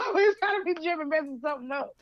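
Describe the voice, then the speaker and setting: High-voiced woman, animated storyteller. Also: fast. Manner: animated storytelling, acts out lines. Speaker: podcast co-host. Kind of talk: casual chat retelling a story. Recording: dull lo-fi sound.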